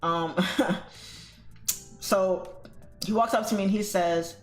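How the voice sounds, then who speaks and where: A woman's voice: on the low side, fairly even intonation, unhurried, pauses often. A woman hosting a trading livestream, chatting casually to her viewers as she tells a story. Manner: chatty, addresses viewers as y'all and guys. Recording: echoey room with faint music.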